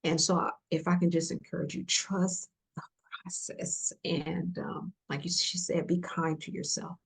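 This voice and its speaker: A woman speaks on a podcast in a low, husky voice with a gravelly edge. She is earnest and heartfelt, repeating her encouragements and often softening into a whisper. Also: level tone, moderate pace. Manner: earnest, repetitive, softly emotional, drops to whispers. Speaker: podcast guest.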